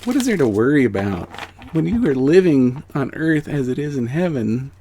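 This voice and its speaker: A male angel card reader, mid-range in pitch and moderate in pace, offers viewers an earnest, heartfelt reading amid slight background noise. He's emotional and reassuring, dropping to hushed tones and then building to excited stress, echoing phrases and asking "okay?" often.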